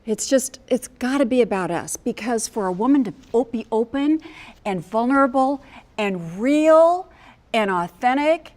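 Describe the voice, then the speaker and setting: Brief: older American woman, marriage coach, earnest teaching talk, slightly high voice. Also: lively intonation, a little slow, darkish tone. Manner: earnest, acts out phrases with emphasis.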